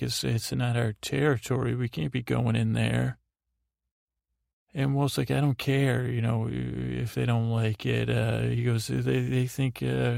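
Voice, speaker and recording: A man's voice: medium pitch, vocal fry, a little mellow, no room sound, studio quality. A man hosting a bedtime podcast, recapping a TV episode in a meandering way, with many restarts and quoted lines in his own voice. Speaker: podcast host. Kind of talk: rambling sleepy episode recap.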